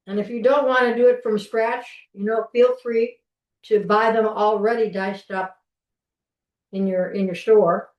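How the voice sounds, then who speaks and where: A middle-aged woman with a fairly high voice teaches an online cooking class from her home kitchen. She chats in a folksy way and keeps restarting her sentences mid-thought as she chops. The video call picks her up from across a roomy kitchen, so she sounds distant and echoey. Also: steady tone, measured pace, muffled recording. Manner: chatty, folksy, restarts often while demonstrating. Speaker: cooking instructor. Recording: roomy kitchen, mic far off.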